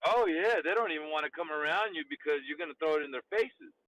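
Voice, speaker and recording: A man's voice: fairly high pitch, fast talker, a bit bright, no echo, poor audio. A man hosting a live crypto stream, chatting casually and bluntly, swearing often and retelling phone calls with friends. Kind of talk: casual profane chat.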